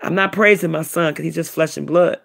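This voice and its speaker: Middle-aged woman, emotional testimony, gravelly and husky, lively pitch. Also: a little fast. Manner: animated, repetitive storytelling. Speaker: vlogger, self-described prophetess.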